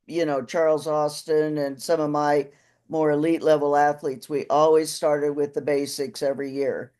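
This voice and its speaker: A man's voice: on the high side, level tone, moderate pace, darkish tone, clean tone. A man who coaches and interviews a fellow coach, asking questions and giving short affirmations. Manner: attentive, frequent short affirmations.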